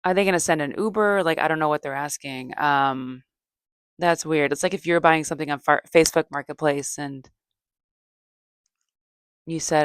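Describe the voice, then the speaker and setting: A middle-aged woman with a low voice, chatting on her own in a meandering way and filling her pauses with ums and side comments. The sound is close and dry, with no room echo. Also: smooth. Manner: meandering, chatty, many fillers and asides. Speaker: comedian and podcast host. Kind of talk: rambling solo comedy chat.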